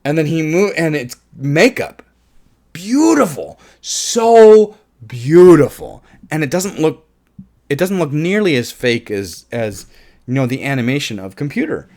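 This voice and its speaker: A man's voice: on the high side, expressive, moderate pace. A man giving a casual, enthusiastic film review, rambling with restarts, swearing and laughing at his own jokes. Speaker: movie reviewer.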